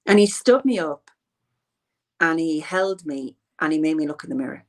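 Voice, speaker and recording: Low-voiced woman telling her story. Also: expressive, moderate pace. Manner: earnest, rambling, repeats herself. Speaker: interviewee. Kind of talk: heartfelt personal storytelling.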